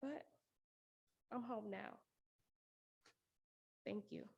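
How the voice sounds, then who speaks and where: A woman's voice: medium pitch, extremely slow, creaky, a little mellow, slightly rough, lo-fi sound. A woman performing a spoken word piece as a prayer monologue, earnest and pleading, with laughs breaking through. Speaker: poetry performer.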